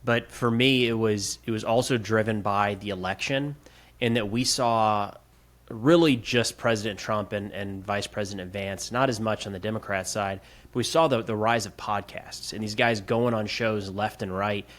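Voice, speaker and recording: A man's voice: on the low side, steady tone, moderate pace, fairly bright tone. A young man co-hosting a podcast, explaining his thinking in a thoughtful, casual way. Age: young adult. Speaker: podcast co-host.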